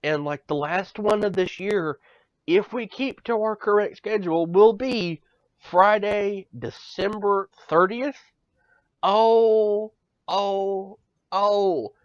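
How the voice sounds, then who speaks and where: A man's voice: high-pitched, expressive, a little slow, dry recording. A man co-hosting a podcast in casual banter, ranting with profanity and stammering repeats. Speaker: podcast co-host. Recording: dull lo-fi sound, dry.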